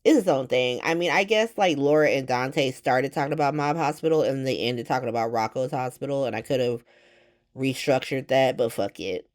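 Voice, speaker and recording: A woman with a low-pitched voice hosts a casual podcast recap. She talks bluntly and sarcastically, swears freely, and rambles through fillers. She keeps tossing out exasperated rhetorical questions. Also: normal speed, darkish tone. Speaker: podcast host recapping a soap opera.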